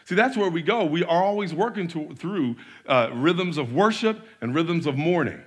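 A man preaching a sermon as pastor, animated, with repeated restarts, often acting out quoted voices. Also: fairly high pitch, moderate pace, breathy edge.

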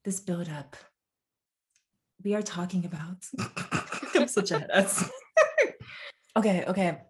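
A woman's voice: on the low side, slow, long pauses, husky. A young woman co-hosting a podcast in playful, jokey casual chat, laughing often. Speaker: podcast co-host.

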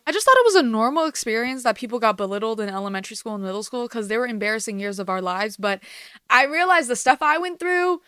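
An eighteen-year-old woman hosting her own podcast, talking candidly about her life, swearing freely and moving between quiet reflection and sudden emphasis. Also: fairly high pitch, no echo, studio quality. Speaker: podcast host. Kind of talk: personal confessional monologue.

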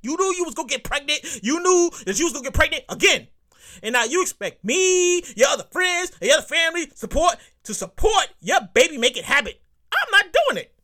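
A woman hosts her own show, ranting in a loud, profane, comedic way. Her voice sits high and bright and swoops widely in pitch. She repeats her lines for emphasis and talks to her listeners directly. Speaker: podcast host. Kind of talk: solo comedic rant.

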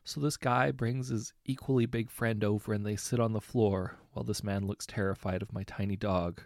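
Male storyteller with a raspy, fry-edged voice, easygoing delivery, dry booth-like recording. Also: on the low side, normal speed, dry recording. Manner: relaxed, conversational storytelling with self-corrections. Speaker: story narrator. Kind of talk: reading short anecdotes aloud.

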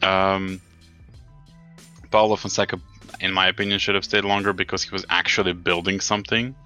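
A man's voice: low-pitched, little pitch movement, normal speed, pushed and bright, faint music behind. A man co-hosting a casual football podcast, ranting in an exasperated way and swearing often. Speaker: podcast co-host.

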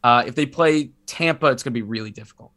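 A man's voice: mid-range voice, fast, fairly bright tone. A man who is sick, co-hosting a sports podcast in casual chat, rambling and self-mocking with many restarts. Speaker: podcast co-host.

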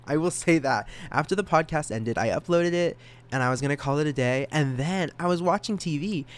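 A young man hosting a solo podcast, talking casually, excited and self-conscious, stammering through restarts and rambling. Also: a little high, normal speed. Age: young adult. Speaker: podcast host.

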